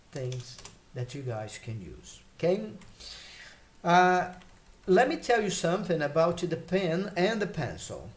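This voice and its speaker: A man teaching English vocabulary in a relaxed, explanatory way, pausing with fillers and checking in with "okay?" and "right?". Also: a little high. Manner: explains slowly with many fillers and check questions. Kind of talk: casual spoken lesson.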